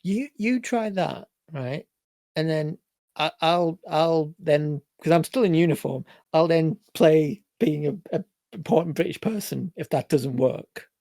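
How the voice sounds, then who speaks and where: A man playing a tabletop game, explaining plans with halting starts and restarts. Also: on the high side, lively intonation, vocal fry, warm tone, no echo. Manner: halting, restarts, 'you know'. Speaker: player. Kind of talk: casual tabletop play.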